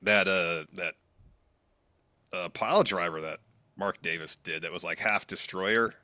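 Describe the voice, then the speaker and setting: A man's voice: sits low, measured pace, no echo. A man co-hosting a wrestling podcast, telling what happened in the matches step by step. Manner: steady play-by-play storytelling. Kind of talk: recapping matches.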